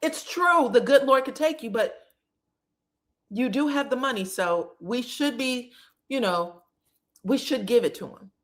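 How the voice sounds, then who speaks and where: A woman's voice: a little high, animated, a little slow, pauses often. A woman recapping a reality show in a casual, blunt, profane, mocking way.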